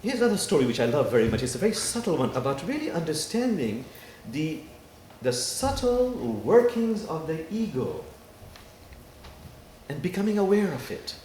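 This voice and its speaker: Animated male preacher in an echoey hall. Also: fairly high pitch, slight background noise. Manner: animated storytelling with dramatic pauses. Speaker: imam. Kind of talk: sermon. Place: worship hall. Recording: echoey hall, faint ambience.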